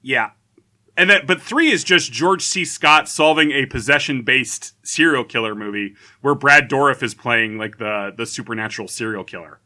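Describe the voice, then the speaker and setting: A man co-hosting a podcast in casual chat, teasing and animated, with frequent swearing. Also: mid-range voice, normal speed. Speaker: podcast co-host.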